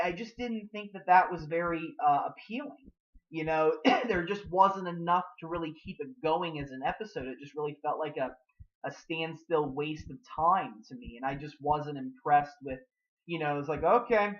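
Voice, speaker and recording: A man's voice: a little high, dull audio. A man giving a casual spoken review of a TV episode. He rambles and leans hard on fillers like "you know" and "like". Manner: acts out characters' lines in quick bursts.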